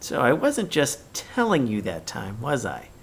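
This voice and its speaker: A male teacher records a remote lesson for small kids, reading example sentences with overdone expression at a slow, careful pace. His voice is mid-range and creaky with a breathy edge, its pitch swooping wildly.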